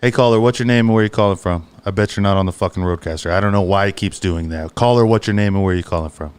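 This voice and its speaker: A man's voice: sits low, quick pace, clear, resonant tone. A man co-hosting a podcast, talking in a brash, loose way and swearing often. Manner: profane, brash. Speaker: podcast co-host. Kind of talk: casual podcast chat.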